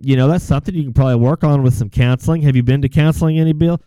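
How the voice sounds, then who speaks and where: A man plays a folksy call-in advice host with a put-on Texas drawl. His voice is mellow and smooth, sitting a bit high, recorded close and dry. He stumbles and rambles in an easygoing way. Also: steady tone, racing, no room sound, natural voice. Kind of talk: comedic call-in radio sketch.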